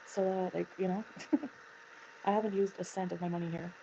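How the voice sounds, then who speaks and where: A woman's voice: lowish voice, steady tone, moderate pace, gravelly. A woman chatting casually on a livestream, greeting viewers by name as she talks. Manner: chatty, reads chat names aloud. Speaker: livestream guest. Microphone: home mic with a fan humming. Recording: lo-fi with loud fan noise.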